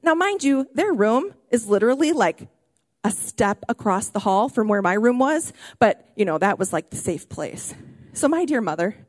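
A woman pastor preaching a sermon in a church, animated and excitable, often raising her voice. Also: a little high, moderate pace, no room sound, clean studio sound. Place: church auditorium.

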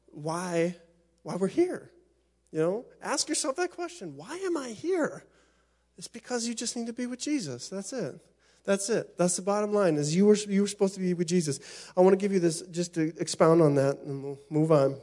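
A man's voice: sits high, warm tone. A middle-aged man preaching a sermon as pastor, impassioned, often repeating and restarting his phrases.

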